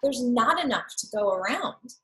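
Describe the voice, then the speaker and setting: A woman's voice: a little high, expressive, moderate pace, fairly bright tone. Encouraging woman host in an echoey room. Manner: encouraging, short affirmations. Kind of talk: conversational interview.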